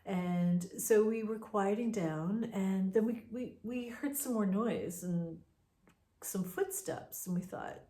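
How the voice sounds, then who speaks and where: A woman's voice: medium pitch, slow pace, mellow. A woman casually telling a personal ghost story in a chatty, conversational way. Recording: roomy echo.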